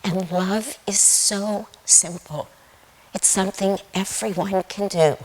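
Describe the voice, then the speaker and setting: A woman giving a Sunday sermon, reading scripture quotes in a slow, tender way. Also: mid-range voice, steady tone, darkish tone, rough recording. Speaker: guest speaker at Sunday service.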